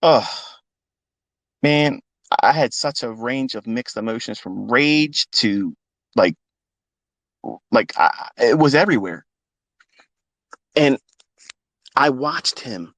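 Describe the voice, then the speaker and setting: A fifty-year-old man with a gravelly voice, telling a personal story off the cuff in a blunt, emotional way with plenty of swearing. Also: mid-range voice, animated, takes it slowly, pauses often, fairly bright tone, dry recording. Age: 50s. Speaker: trading educator on a live talk. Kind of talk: unscripted live talk.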